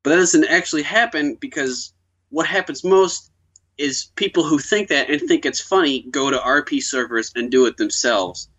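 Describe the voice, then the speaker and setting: A man's voice: fairly high pitch, normal speed, fairly bright tone, poor audio. A man co-hosting a casual podcast, joking and explaining gaming culture. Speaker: podcast co-host.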